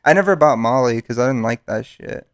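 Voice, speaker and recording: Smooth-voiced man telling a wild story. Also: medium pitch, a little fast. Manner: profane, rambling, animated. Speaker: podcast co-host. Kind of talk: casual storytelling.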